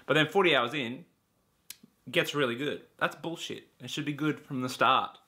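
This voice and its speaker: A man's voice: a little high, brisk, pushed and bright. A man ranting casually to camera about video games, blunt and exasperated, swearing freely. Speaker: YouTube games vlogger.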